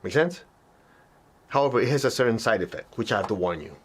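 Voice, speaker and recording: A man gives a spiritual teaching talk as a meditation teacher, speaking quickly with lively intonation over a little hiss or hum. He stays conversational, checks in with listeners often and acts out reactions with sudden high yelps.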